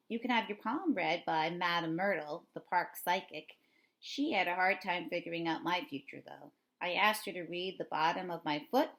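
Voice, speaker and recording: A woman reading a middle-grade novel aloud in an expressive storytelling way. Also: on the low side, poor audio. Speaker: reader.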